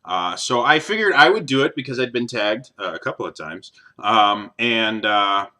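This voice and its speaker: A young man speaks in a neutral General American accent, his voice bright and a touch low. He talks loosely to camera, rambling and filling gaps with ums and restarts. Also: expressive, normal speed. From American Midwest. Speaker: vlogger. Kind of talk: casual talk to camera.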